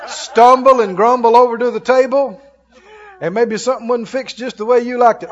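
A man's voice: extremely high pitch, fairly even intonation, normal speed, long reverb tail, muffled recording. A male preacher giving a folksy, emphatic sermon, often laughing as he preaches.

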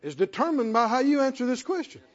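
A man with a very high voice preaches a sermon fast, in a lively, swooping delivery. He repeats himself for emphasis in a plain, folksy way, and the dull, lo-fi sound carries a long hall echo.

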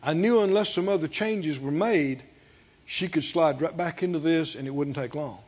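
A man preaching a storytelling sermon that draws call-and-response from the congregation, with slow, drawn-out phrases that build into shouted chanting. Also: a little high, muffled recording.

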